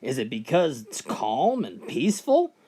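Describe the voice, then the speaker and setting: Woman playing a patient, coaxing teacher in a joke, pitch lifting and dropping a lot. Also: sing-song, unhurried, dark tone, breathy edge, heavily acted. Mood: earnest. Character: earnest patient female schoolteacher.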